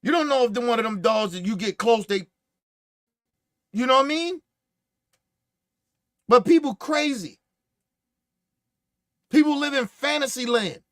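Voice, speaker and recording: A man hosting a podcast, telling stories in casual, profane, animated commentary and acting out what others said. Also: very high voice, a little slow, long pauses, no room sound, clean studio sound. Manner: profane, animated storytelling with acted-out quotes. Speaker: podcast host.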